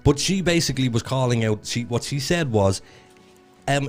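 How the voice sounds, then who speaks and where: A man's voice: medium pitch, lively intonation, normal speed, faint music behind. Irish male co-host, young adult, blunt and profane, casual chat. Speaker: podcast co-host.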